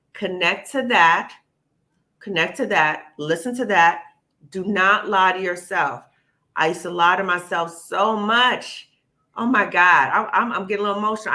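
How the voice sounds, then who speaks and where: Over a video call, a woman hosts a live panel discussion in a bright, forward voice that sits on the low side. She's emphatic and encouraging, repeatedly checking in with "okay?" and calling the listener "sis."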